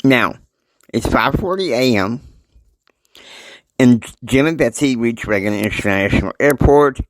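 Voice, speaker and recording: A man's voice: medium pitch, lively intonation, measured pace, no room sound, poor audio. A man casually narrating a homemade family story, rambling with many fillers and laughs.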